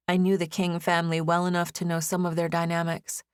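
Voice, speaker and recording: A young adult woman narrating a first-person audiobook with gentle, intimate storytelling. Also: on the low side, completely flat delivery, fairly quick, few pauses, clean tone, no room sound, studio quality.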